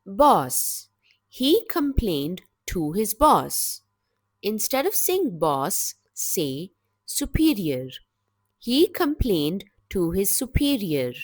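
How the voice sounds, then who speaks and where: Slow, lively-voiced woman teaching vocabulary. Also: mid-range voice, dry recording, clean studio sound. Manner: measured, clear word-by-word delivery. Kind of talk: slow, deliberate scripted vocabulary lesson.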